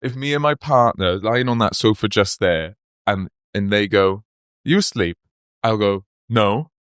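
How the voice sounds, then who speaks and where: A man, hosting a casual podcast chat and telling animated stories with acted-out voices. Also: lowish voice, moderate pace, clear, resonant tone, no room sound, clean studio sound. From Wales. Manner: animated storytelling, acts out quoted voices. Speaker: podcast host.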